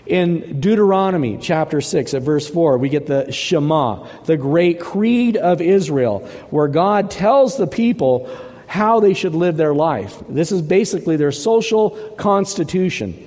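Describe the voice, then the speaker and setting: A man's voice: fairly high pitch, animated, unhurried. Emphatic preaching man in a reverberant hall. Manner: emphatic, swings from hushed to forceful. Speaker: pastor. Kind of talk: sermon.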